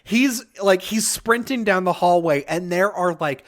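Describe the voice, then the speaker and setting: A man co-hosting a podcast in casual chat, excitedly retelling movie scenes with lots of swearing and acted-out lines. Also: sits high, a little slow. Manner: excited, swearing storyteller who acts out scenes. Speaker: podcast co-host.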